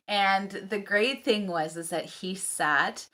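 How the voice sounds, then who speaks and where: A woman's voice: mid-range voice, slow, a bit bright. A woman in her thirties, a homeschooling mom, chatting casually to camera in a rambling way with ums and laughing asides.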